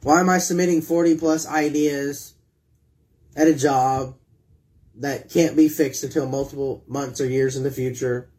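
A man's voice: a little high, dark tone. A man preaching a sermon, retelling scripture in his own words and putting direct questions to his listeners.

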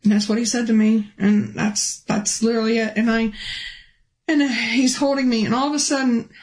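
A woman telling a personal testimony in a halting, restart-filled way, her voice rising high and emotional when she recalls pleading. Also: little pitch movement, a little mellow, poor audio. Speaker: guest telling a near-death testimony. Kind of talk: personal testimony, casual storytelling.

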